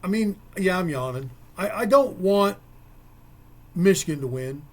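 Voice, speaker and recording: A man's voice: high-pitched, expressive, measured pace. A man co-hosting a local sports radio show, talking casually with folksy, rambling asides.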